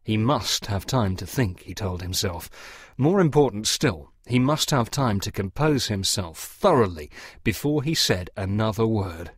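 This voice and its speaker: A man narrating an audiobook story for English learners, reading in a measured, expressive way. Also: lowish voice, breathy edge, dry recording, clean studio sound.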